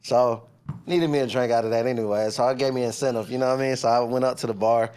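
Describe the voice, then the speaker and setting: A man's voice: medium pitch, fairly even intonation, fast talker, darkish tone, clear, resonant tone. A young man from Decatur, Georgia, a rapper guest telling stories in loose, profane slang during a casual interview.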